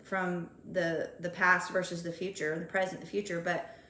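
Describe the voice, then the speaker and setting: A woman's voice: fairly low pitch, little pitch movement, normal speed, pushed and bright. A woman hosting a podcast interview, asking questions with many restarts. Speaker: podcast host. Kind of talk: casual interview. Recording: roomy echo, faint noise.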